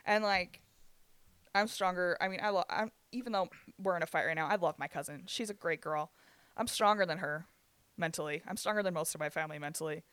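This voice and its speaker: A man's voice: high voice, a little fast, pushed and bright, clean tone, no echo. A man in his twenties telling a heated story in casual chat, swearing freely and laughing between lines. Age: 20s.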